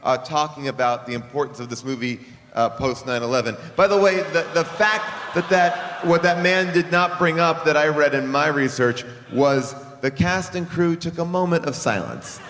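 A man hosting a live comedy podcast in front of an audience, quick and joking as he leads the show. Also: a little high, fairly bright tone, in a large hall, slight background noise. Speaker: podcast host.

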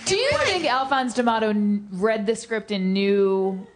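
A woman guest on a comedy movie podcast, with a voice of middling pitch. She cuts in eagerly to add her points. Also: animated, unhurried, background noise. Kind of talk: casual comedic movie discussion.

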